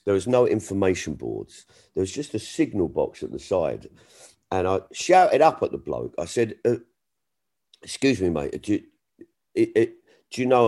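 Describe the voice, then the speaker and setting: A middle-aged comedian telling a story in a lowish voice. His pitch swings widely as he acts out quoted exchanges. He talks in a loose, animated way, often restarting his sentences. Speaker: comedian guest. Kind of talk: casual chat, storytelling.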